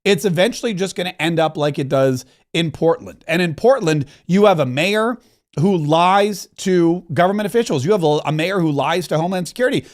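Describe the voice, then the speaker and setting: A man's voice: a little high, brisk. A middle-aged man hosting a political talk show, delivering an emphatic, rambling monologue and correcting himself as he goes. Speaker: political commentary host.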